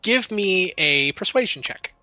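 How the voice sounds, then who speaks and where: A woman game master narrates a tabletop game with a bright, lively voice that rises and falls a lot. She giggles often between descriptions, and her voice sounds close and dry. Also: medium pitch, a little slow, no room sound, dull audio, soft background music.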